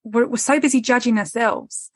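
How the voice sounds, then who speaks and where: A woman's voice: fairly high pitch, animated, moderate pace, husky, dry recording. Woman, 30s, podcast host, swears freely, dry close sound. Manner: candid, swears freely, acts out quoted voices. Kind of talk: casual podcast chat.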